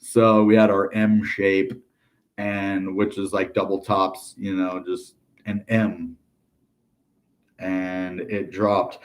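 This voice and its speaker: Deep-voiced and slow, this American man speaks with a flat delivery while hosting a crypto livestream about price charts. Despite that, his manner is chatty and upbeat, peppered with ums, "dude," and lighthearted asides.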